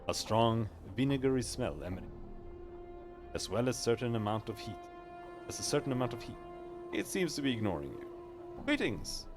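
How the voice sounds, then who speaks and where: Man quickly reading game text aloud. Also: medium pitch, lively intonation, music in the background. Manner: quick reading with stumbles and restarts. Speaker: streamer.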